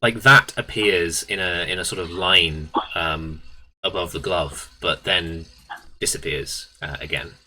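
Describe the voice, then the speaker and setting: A man's voice: deep voice, unhurried, sharp tone, low-quality recording. A man running a tabletop game, rambling through his narration with lots of fillers and restarts. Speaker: game master.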